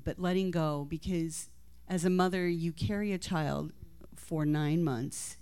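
A woman's voice: deep voice, steady tone, measured pace, mellow, smooth. A middle-aged woman, the host's mother, telling tender family stories in a church talk, laughing and near tears. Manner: tender storytelling, laughing and teary. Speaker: mother of the host, guest.

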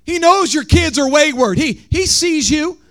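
A male pastor, preaching a sermon that swings from shouted, sung lines to quiet talk. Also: very high-pitched, expressive, unhurried. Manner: preaching, shouting and half-singing in rises, then dropping soft.

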